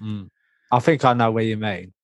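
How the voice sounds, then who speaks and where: A man's voice: on the low side, normal speed, no room sound. A man co-hosting a podcast, chatting casually in an easygoing, agreeable way. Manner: easygoing, agreeable, laughs along. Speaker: podcast co-host. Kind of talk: casual chat.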